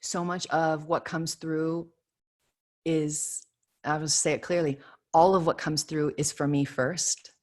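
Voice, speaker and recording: Earnest woman leading a spiritual talk, lower voice. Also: little pitch movement, slow pace. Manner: earnest and emphatic, repeating affirmations. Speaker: spiritual teacher leading a prayer circle. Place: home video call.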